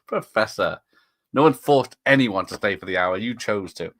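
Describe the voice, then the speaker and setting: A man's voice: on the low side, expressive, moderate pace, fairly bright tone. A man hosting a casual live stream, rambling and chuckling as he reads out viewers' chat comments.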